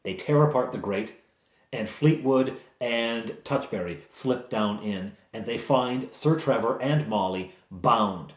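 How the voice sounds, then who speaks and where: A man's voice: medium pitch, slow pace, echoey room. A man, the game master, recounting a tabletop game session in a casual, digressive way full of asides and explanations.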